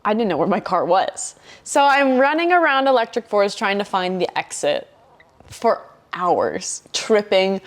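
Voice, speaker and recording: Brief young woman guest, lively storyteller, acts out quotes, swears a lot, mid-pitched. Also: measured pace. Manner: animated, acts out her own quotes, swears often. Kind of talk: casual podcast storytelling.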